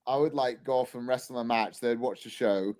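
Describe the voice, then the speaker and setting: A man's voice: medium pitch, fairly quick, a little mellow. A man, a wrestler, chatting casually in an interview and telling rambling, self-deprecating stories. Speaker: guest, wrestler.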